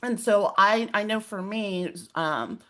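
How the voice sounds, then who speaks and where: A woman hosting a webinar in a casual, animated way, telling a personal story with lots of fillers. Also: mid-range voice, slow pace. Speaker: host.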